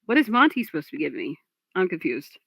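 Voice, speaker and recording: A woman's voice: sits low, big pitch swings, fast talker, gravelly, fairly bright tone, dry recording. Blunt, swearing woman streamer. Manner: blunt, profane, ranting to chat. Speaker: streamer reacting to a video. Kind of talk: casual reaction commentary.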